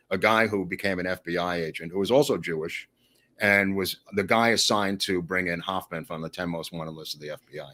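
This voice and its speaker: Low-pitched guy on a podcast, rambling storyteller, keeps going off on tangents. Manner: animated, rambling anecdotes addressed to the host. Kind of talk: casual storytelling.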